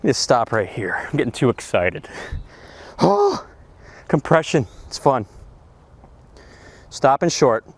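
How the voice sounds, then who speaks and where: A man teaching golf outdoors on a practice area, talking to camera with excitable, exclamatory enthusiasm. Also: medium pitch, a little slow, long pauses. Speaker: golf instructor. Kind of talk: energetic golf lesson to camera.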